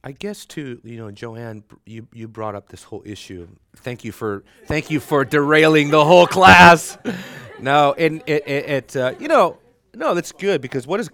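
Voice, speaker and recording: A man's voice: medium pitch, no room sound. A man teaching a Bible class in a conversational lecture, joking with and teasing his students and laughing often.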